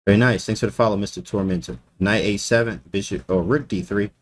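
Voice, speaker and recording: A man streaming live chess commentary, animated and joking, who talks in casual slang and laughs often. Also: lowish voice, fast talker.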